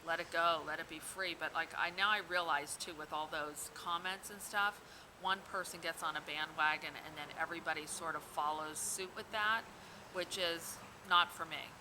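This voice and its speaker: A woman's voice: low voice, steady tone, normal speed. A woman talking casually in a rambling, self-assured way, full of fillers. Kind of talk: casual vlog talk. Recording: noisy background.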